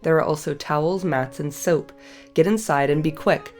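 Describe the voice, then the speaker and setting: A practical young hobbit taking charge and giving orders, read aloud by a woman. He speaks briskly and firmly. The reader's slightly low voice sounds stuffed up from a cold. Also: darkish tone, soft background music, natural voice. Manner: bossy and practical. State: has a cold.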